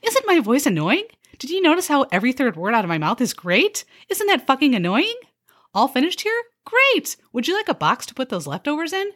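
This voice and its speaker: A woman playing a chirpy, sarcastic young restaurant server who mixes bubbly upselling patter with deadpan jabs. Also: high-pitched, brisk, pitched above the performer's own voice, exaggerated voice. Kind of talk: comedy skit.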